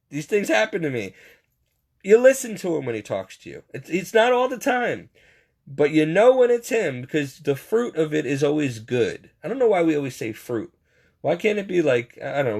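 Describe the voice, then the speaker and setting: A man giving a casual, rambling faith monologue, poking fun at himself and chuckling as he talks. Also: medium pitch. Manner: rambling, self-mocking storyteller; frequent chuckles.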